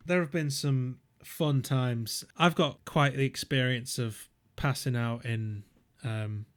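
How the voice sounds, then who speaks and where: A man's voice: mid-range voice, steady tone, takes it slowly, fairly bright tone. Young man, podcast co-host, rambling, swearing, casual. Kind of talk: casual storytelling chat.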